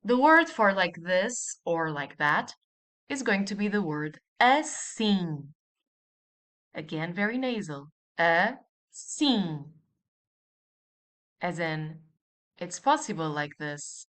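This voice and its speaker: Slow, lively-voiced woman teaching. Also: fairly low pitch. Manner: slow, clear drills with repeated model words. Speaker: language teacher. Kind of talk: scripted language lesson narration.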